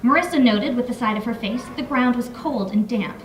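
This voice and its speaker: A young woman author reads her own novel aloud in a library, breaking off for relaxed asides full of ums. Her voice sits fairly high, and the mic is some distance off in a roomy space with faint ambience. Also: brisk, slight background noise. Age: young adult. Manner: casual asides with fillers between readings. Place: library room. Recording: echoey room, mic from far off.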